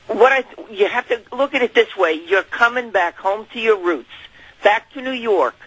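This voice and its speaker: A woman's voice: fairly high pitch, expressive, normal speed, breathy edge, poor audio. A woman calling in to a radio show, gushing and effusive about the host. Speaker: caller.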